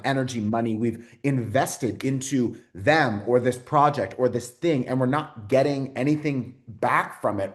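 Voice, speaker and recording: A man talks straight to his viewers in a loose, rambling way, full of "like" and "you know." He swears freely and gets excited. His voice sits at an ordinary middle pitch for a man. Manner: excitable, swears often, rambling with many fillers. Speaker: astrology video host. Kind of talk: casual unscripted talk to camera.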